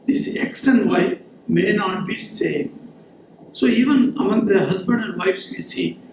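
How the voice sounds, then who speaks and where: A man's voice: high voice, darkish tone, slight background noise. A man, a monk giving an earnest spiritual discourse and explaining Sanskrit verses. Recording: echoey hall, voice from a distance, faint ambience.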